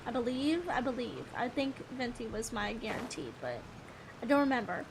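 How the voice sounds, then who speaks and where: Woman gaming streamer, high voice, chatty and giggly, casual play-along chat. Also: animated, moderate pace, noisy background.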